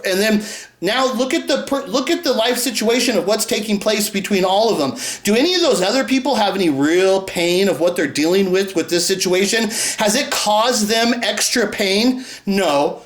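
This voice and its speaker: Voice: mid-range voice, animated, normal speed. A host delivering a rambling, profane casual monologue, with lots of rhetorical questions and swearing. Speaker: show host. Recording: roomy echo.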